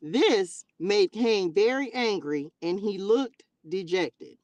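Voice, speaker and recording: Animated woman livestreaming a Bible reading. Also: mid-range voice, slow, no echo. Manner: animated, laughing, slangy asides. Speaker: livestream host reading scripture. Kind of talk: bible reading with casual commentary. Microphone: livestream mic.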